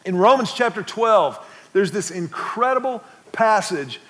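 A man's voice: sits high, lively intonation, unhurried, a bit bright, long reverb tail. A man preaching a sermon, telling a family story and asking the congregation questions. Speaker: pastor.

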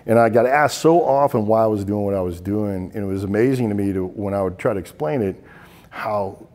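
A middle-aged man, a military veteran, tells stories in an interview, earnest and halting, often repeating words as he goes. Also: fairly low pitch, a little mellow, long reverb tail. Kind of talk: interview storytelling.

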